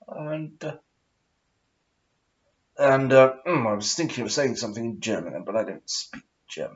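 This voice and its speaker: A man's voice: medium pitch, big pitch swings, normal speed, darkish tone, lo-fi sound. A man with a posh English accent, rambling through a sweary, self-mocking vlog monologue while smoking. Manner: profane, meandering, self-mocking asides. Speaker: vlogger.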